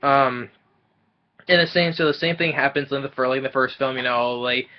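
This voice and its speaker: A man casually recapping a film plot, rambling and halting, with many fillers and restarts. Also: mid-range voice, lo-fi sound. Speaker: movie reviewer.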